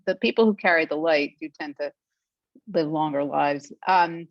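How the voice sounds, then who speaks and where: A woman with a fairly low voice interviews a fellow author. She asks chatty questions and often restarts her sentences. Her audio sounds muffled and dry, with no room echo. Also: normal speed. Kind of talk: conversational interview over video.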